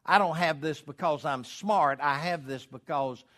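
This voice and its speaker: A man preaching a sermon, asking the congregation to fill in words, swelling loud on key words and dropping low to press a point. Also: a little slow. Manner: asks the congregation questions to fill in.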